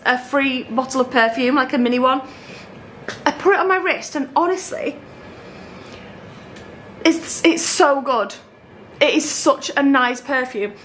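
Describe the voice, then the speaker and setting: A family vlogger in her thirties speaks in a fairly bright voice over a little hiss or hum. Sitting in her bedroom at home, she chats casually and gushes, switching to a high voice when addressing her toddler.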